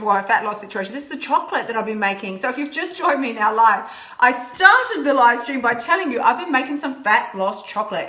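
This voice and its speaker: A woman's voice: a little high, sharp tone, reverberant. A woman hosting a casual live stream from home, chatting playfully with viewers by name. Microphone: phone or laptop camera, moving close and away.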